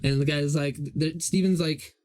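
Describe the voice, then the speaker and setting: A man's voice: fairly high pitch, steady tone, moderate pace, a little mellow, clear, resonant tone. A young man hosting a podcast, telling a story in a rambling, profane, casual way. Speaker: podcast host. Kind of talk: casual chat.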